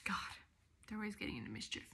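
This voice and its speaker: A woman's voice: rapid-fire, fairly bright tone. A young Australian woman telling her birth story to camera in a chatty, rambling way, often breaking off to talk to her baby and dogs. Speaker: vlogger.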